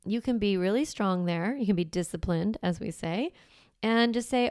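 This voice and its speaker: A woman's voice: medium pitch, normal speed, darkish tone, smooth, no room sound, studio quality. A woman hosting a parenting podcast who explains things in a casual, reassuring way and keeps asking "right?". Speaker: parenting coach and podcast host. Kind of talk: conversational teaching podcast.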